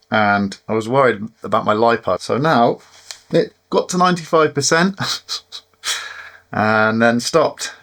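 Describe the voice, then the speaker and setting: Working on a drone at his bench, an FPV hobbyist vlogger keeps up a casual running commentary. His voice is fairly low and fairly bright. He's chatty and exasperated, sighing and laughing at himself over each setback.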